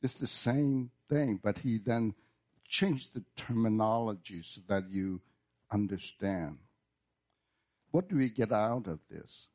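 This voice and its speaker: Male pastor, slow sermon delivery, repetitive emphatic phrasing. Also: fairly low pitch, mellow. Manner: slow, deliberate preaching with repeated words and emphatic restarts. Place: church.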